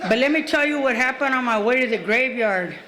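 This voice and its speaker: A woman's voice: on the high side, lively intonation, fairly quick, heavy background noise. Blunt streetwise woman telling her recovery story. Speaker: recovery meeting speaker. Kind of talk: personal recovery story at a meeting. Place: meeting hall.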